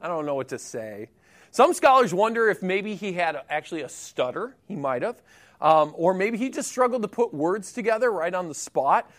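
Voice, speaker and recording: High-voiced conversational male preacher. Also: normal speed. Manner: conversational, animated, jokey asides. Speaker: pastor. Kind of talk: sermon.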